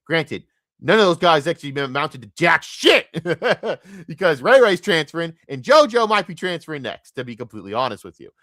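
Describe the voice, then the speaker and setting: A man rants about football on his podcast, heated and profane, jumping between loud outbursts and low grumbles. His pitch swings all over, his tone is bright and forceful, and the recording is dry and close with no room sound. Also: sing-song, moderate pace, no room sound. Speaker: podcast host. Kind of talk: profane sports rant.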